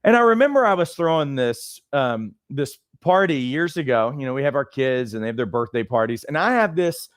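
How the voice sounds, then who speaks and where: A middle-aged man and life coach trainer who teaches through animated, conversational personal stories. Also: medium pitch, a little fast, few pauses, clear, resonant tone, no room sound, clean studio sound. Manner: conversational, lots of fillers and restarts, animated storytelling.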